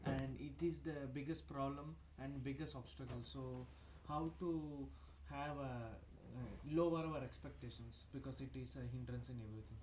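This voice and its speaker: A man's voice: mid-range voice, steady tone, moderate pace, hardly any pauses, darkish tone. Hesitant man asking a question, roomy. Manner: hesitant, with fillers. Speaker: audience member asking a question. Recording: roomy echo, faint noise.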